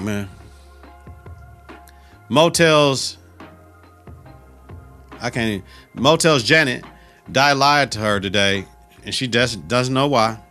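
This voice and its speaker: Bright-voiced man recapping with profane slang. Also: mid-range voice. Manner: profane, animated retelling with slang. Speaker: podcast host. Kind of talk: casual episode recap.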